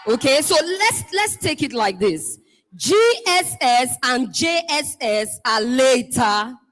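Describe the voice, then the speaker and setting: A Nigerian woman hosting a live event, calling out schools one by one, playful and teasing, often shouting to get the crowd going. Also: high-pitched, expressive, slow, soft background music. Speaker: event host.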